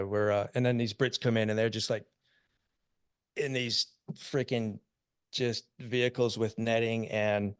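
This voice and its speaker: A man's voice: on the low side, clean tone, dry recording, studio quality. An American man in his fifties, a podcast guest telling war stories in a casual, laughing way. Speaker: podcast guest, army veteran. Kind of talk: casual storytelling.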